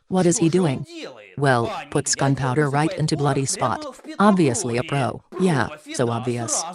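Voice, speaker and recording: A film reviewer giving sarcastic, mocking scripted narration in slightly broken English. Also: mid-range voice.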